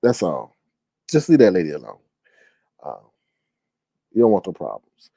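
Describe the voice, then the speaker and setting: A man hosting casual gossip commentary, talking in an animated, incredulous way and swearing freely. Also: low-pitched, moderate pace, creaky, husky, dry recording. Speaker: commentary channel host.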